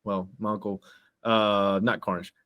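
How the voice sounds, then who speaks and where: A man co-hosting a casual podcast, telling stories with animated laughter and mimicry. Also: lowish voice, a little slow. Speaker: podcast co-host. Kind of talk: casual chat.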